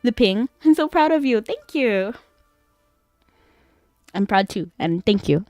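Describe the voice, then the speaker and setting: A woman chatting casually as a gaming streamer, excitable and rambling, often giggling. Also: mid-range voice, slow, no room sound, faint music behind.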